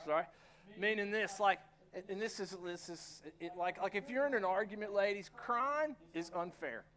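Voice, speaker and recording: Animated high-voiced pastor preaching. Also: male voice, moderate pace. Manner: animated storytelling, acts out his own reactions. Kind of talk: sermon. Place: church sanctuary.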